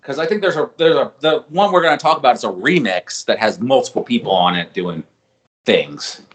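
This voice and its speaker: Male podcast host, animated pitch, jokey and quick-witted. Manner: joking, lively, quick with jokes. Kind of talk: casual chat.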